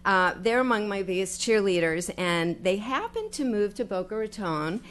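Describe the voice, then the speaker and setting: An older woman giving a heartfelt, halting acceptance speech at a podium before an audience, thanking family and volunteers. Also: mid-range voice, big pitch swings, fairly bright tone. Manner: heartfelt, halting, grateful, with fillers and restarts. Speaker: newly elected official giving acceptance speech. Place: public meeting hall with audience.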